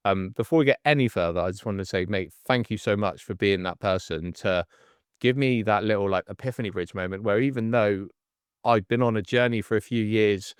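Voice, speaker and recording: A man in his forties hosting a casual podcast chat, telling stories in an animated way and acting out the people in them. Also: on the low side, a little fast, clean tone, no echo, clean studio sound. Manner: animated storyteller, acts out the voices in his stories. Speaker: podcast host and coach.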